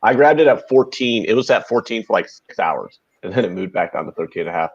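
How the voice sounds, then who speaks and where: A man's voice: on the low side, expressive, quick pace, slightly rough, dry recording. Chatty guy telling stories on a betting panel, muffled lo-fi mic, dry sound. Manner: chatty, storytelling, mild swearing. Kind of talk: casual sports betting chat. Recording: dull lo-fi mic.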